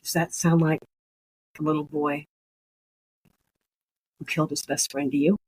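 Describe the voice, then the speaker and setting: A woman's voice: low voice, little pitch movement, measured pace, a little mellow, husky, no echo, poor audio. A woman hosting a podcast, reading a letter aloud and commenting on it in an earnest, emotional way. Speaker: podcast host.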